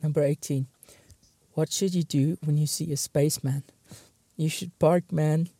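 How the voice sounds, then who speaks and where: A man's voice: a little high, fairly even intonation, unhurried, vocal fry, mellow, no room sound. A man hosting his own show, reading out jokes one by one and trying hard not to laugh, muttering and stifling giggles between them. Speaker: host.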